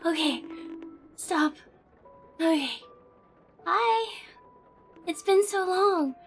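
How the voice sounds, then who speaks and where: A woman's voice: extremely high pitch, expressive, drawn-out words, soft background music. A woman streamer talking to her live chat, nervous and giggly, stammering and shaky, near tears.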